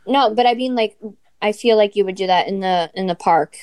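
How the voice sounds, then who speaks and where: A woman's voice: medium pitch, fairly quick, darkish tone, clear, resonant tone. A woman co-hosting a podcast, reacting bluntly and with exasperation in casual chat. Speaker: podcast co-host.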